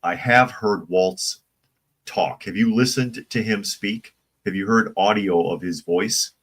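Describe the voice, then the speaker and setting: The host of a political commentary channel, a man with a fairly low, husky, fairly bright voice, speaks slowly on a casual live stream. He's opinionated and rambling, reading viewer chat comments aloud.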